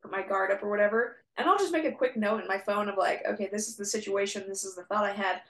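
Gravelly-voiced woman musing, echoey room. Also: medium pitch, fast, a bit bright. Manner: reflective, agreeable, thinks aloud. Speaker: podcast co-host. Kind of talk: casual chat.

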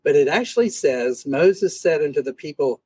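A man leads a casual Bible study, his voice a touch high with a husky edge. He talks in an animated way, slipping into little voices as he retells the scenes. He speaks into a camera mic. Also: moderate pace, no echo.

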